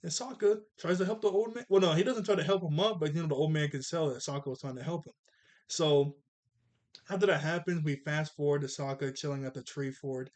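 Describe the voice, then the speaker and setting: A man casually recapping a cartoon episode, animated and chatty, acting out the characters' lines in jokey voices. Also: on the high side, fairly quick. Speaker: cartoon reviewer.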